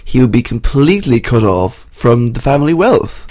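A man co-hosting a film review chat, animated and opinionated with a wry streak. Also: medium pitch, normal speed. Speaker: podcast co-host.

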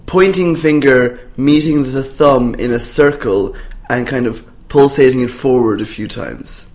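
A man's voice: mid-range voice, unhurried, darkish tone. An Irish man co-hosting a podcast, chatting in a wry, teasing way. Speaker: podcast co-host. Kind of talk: casual chat.

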